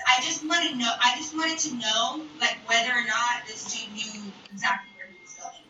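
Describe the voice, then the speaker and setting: A young woman telling a story casually as a streamer, animated, chatty and full of swearing. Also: on the high side, a little fast, few pauses. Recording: echoey room, far from mic, background noise. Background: video playing in the background.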